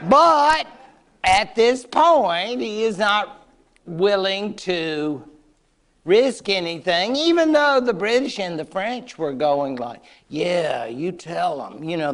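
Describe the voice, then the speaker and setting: A man giving a history lecture to adult learners, chatty and wry with playful asides. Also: high voice.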